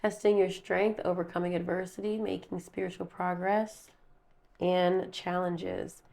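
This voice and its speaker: A woman's voice: fairly low pitch, flat delivery, a little slow, gravelly, darkish tone. A woman giving a casual tarot reading to camera from her room at home, chatty and rambling, calling her viewers babe and baby. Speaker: tarot reader.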